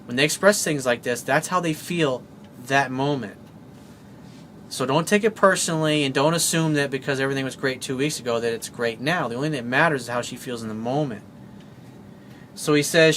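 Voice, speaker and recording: A man's voice: mid-range voice, fairly bright tone, a little hiss or hum. A man giving blunt, emphatic relationship advice as a dating coach, speaking straight to his viewers. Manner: blunt, emphatic, acts out both sides of a couple's talk. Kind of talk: direct-to-camera advice monologue.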